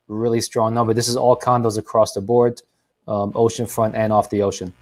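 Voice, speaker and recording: A man's voice: mid-range voice, little pitch movement, brisk, a little mellow. A man hosting a real estate show, running through market statistics with uh and um fillers. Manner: runs through numbers, hesitant fillers. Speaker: realtor host.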